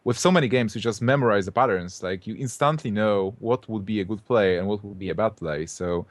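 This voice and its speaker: Guy from romania on a panel explaining stuff, lots of uhs, lowish voice, dry close sound. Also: a little fast, no echo. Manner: explanatory, hesitant with many filler ums and uhs. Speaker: panel co-host. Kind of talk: casual panel chat.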